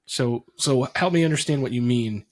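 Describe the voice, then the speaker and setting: A man's voice: mid-range voice, moderate pace. Chatty male podcast co-host. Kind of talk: casual podcast chat.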